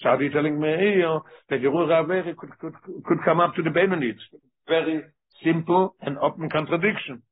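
A man teaching a text study lesson. He reads passages aloud quickly and then explains them more slowly. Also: on the high side, husky. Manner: reads Hebrew quickly, then explains slowly in English with Yiddish-inflected terms. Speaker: Torah teacher. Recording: tinny phone-line audio.

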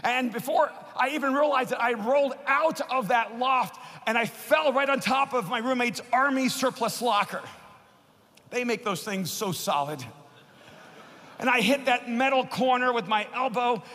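A man preaching a sermon and telling a personal story, growing impassioned and building to shouts. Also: extremely high pitch, normal speed. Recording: long hall reverb.

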